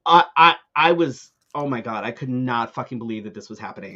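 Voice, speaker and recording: A man's voice: mid-range voice, expressive, a little fast, sharp tone, muffled recording. A man co-hosting a live talk show, telling a ranting story in casual chat, full of fillers and swearing.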